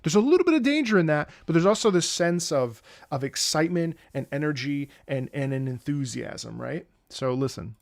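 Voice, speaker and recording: A man's voice: on the high side, animated, moderate pace, gravelly, few pauses. A man streaming casual commentary on game music, rambling with restarts and humming melodies into a close mic.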